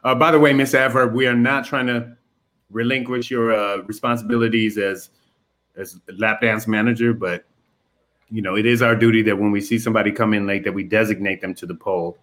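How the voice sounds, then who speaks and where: A man from the Detroit area co-hosting a casual political chat, excitable and profane, quoting people in mock voices. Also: fairly low pitch, a little fast. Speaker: podcast co-host.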